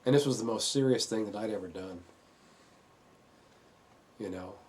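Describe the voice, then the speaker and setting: A man earnestly telling a painful family story in a halting way, full of fillers. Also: on the low side, darkish tone, husky. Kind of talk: personal testimony.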